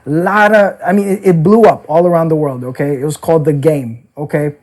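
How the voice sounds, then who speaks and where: A man's voice: fairly high pitch, fairly even intonation, a little fast, a little mellow, rough recording. A man casually recounting his past as a dating seminar teacher, peppering his talk with "okay?" and "like". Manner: frequent "okay?" and "like" fillers. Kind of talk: casual storytelling interview. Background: children.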